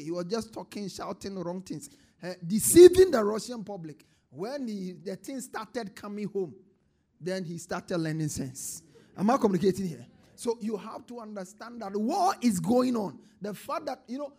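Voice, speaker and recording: Pastor, man, high-pitched, fiery live sermon, quiet then shouting, leads church call-and-response. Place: church service before a congregation.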